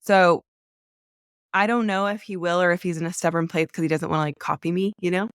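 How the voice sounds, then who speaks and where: Smooth-voiced woman, earnest and heartfelt. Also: fairly low pitch, fairly even intonation, a little fast, dry recording, studio quality. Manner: earnest and emotional, many "like" fillers. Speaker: podcast guest, mother. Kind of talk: candid conversational interview.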